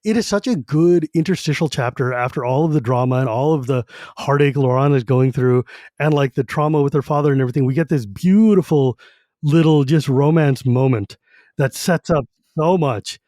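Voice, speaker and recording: A man's voice: mid-range voice, normal speed, mellow, no echo, studio quality. A man co-hosting a podcast, enthusiastically retelling book scenes in casual chat and loosely paraphrasing the characters. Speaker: podcast co-host.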